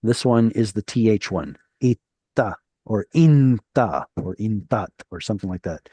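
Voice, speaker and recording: Male Hebrew tutor on a video call, patient explainer, mellow tone, dry sound. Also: fairly low pitch, expressive, unhurried, husky, no echo. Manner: patient, explanatory, corrects pronunciation gently. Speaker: Hebrew teacher. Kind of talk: live online Hebrew reading class.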